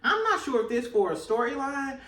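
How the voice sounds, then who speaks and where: A woman recapping reality TV in gossipy, slang-filled casual chat, laughing through her lines. Her voice is fairly high and swings up and down. It sounds roomy and echoey, as if she sits a little away from the mic. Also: very animated, a little fast, a bit bright, recorded from a distance.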